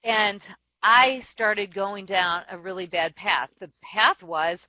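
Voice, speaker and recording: A woman in her forties, a company chief and author, answering interview questions with frank, self-deprecating stories, quick laughs and restarts. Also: medium pitch, bright, forceful tone, no echo, low-quality recording. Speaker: company CEO and author, guest. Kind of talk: candid interview storytelling.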